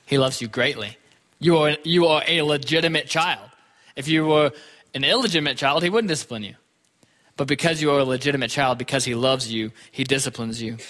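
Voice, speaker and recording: A man's voice: medium pitch, pushed and bright. Man preaching in a reverberant hall. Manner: earnest, repeats words while thinking aloud. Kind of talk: sermon.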